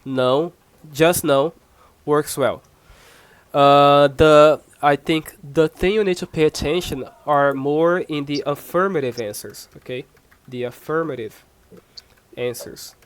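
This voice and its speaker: A man's voice: a little high, takes it slowly, smooth, no echo. Brazilian man teaching a language class. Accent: Brazilian Portuguese. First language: Portuguese. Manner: repeats and restarts, explains patiently with examples. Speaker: Portuguese teacher.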